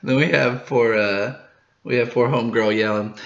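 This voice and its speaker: A man hosting a manga reaction video, recapping the chapter in a casual, excited way, laughing often and tripping over his words when he gets hyped. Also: mid-range voice, moderate pace, gravelly, echoey room, highs cut off. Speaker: manga reaction channel host.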